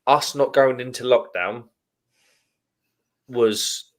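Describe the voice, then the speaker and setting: A man's voice: mid-range voice, slow pace. A man hosting a live stream over beers, rattling through viewer comments in a chatty, matter-of-fact way. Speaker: livestream host reading viewer comments. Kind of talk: casual chat over beers.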